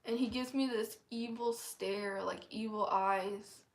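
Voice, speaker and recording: A woman's voice: medium pitch, steady tone, slow pace. A woman earnestly sharing a personal testimony in a casual, rambling way, full of "like" fillers. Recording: echoey room.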